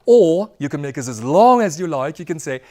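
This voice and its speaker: A man teaching a lively language crash course, playful and laughing often, repeating words for the class to echo. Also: a little high, brisk. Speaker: Dutch language instructor.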